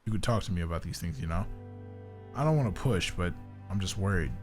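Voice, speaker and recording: Guy reading as a worried girl begging her best friend to talk, soft and pleading, low voice, faint music behind. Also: animated, a little fast. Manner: soft, pleading, gently pushing.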